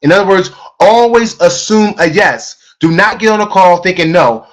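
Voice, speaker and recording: A man's voice: sits high, lively intonation, normal speed. A man teaching a live online sales webinar as a trainer, talking emphatically and repeating key phrases for stress.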